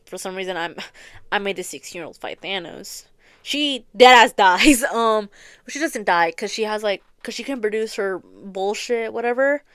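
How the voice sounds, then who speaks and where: A young woman with a smooth, clear voice of middling pitch chats her way through a long story as a podcast host. She rambles, swears freely and leans on filler words. The sound is dry and close, with no room in it. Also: moderate pace, fairly bright tone, no room sound. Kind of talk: casual storytelling chat. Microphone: close studio mic, audio only.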